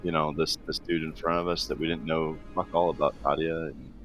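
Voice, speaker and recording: A man with a very deep voice rambles as a tabletop player, sheepish and poking fun at himself. Soft music plays faintly behind. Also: little pitch movement, fairly quick. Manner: rambling, apologetic and self-mocking. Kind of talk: casual tabletop game chat.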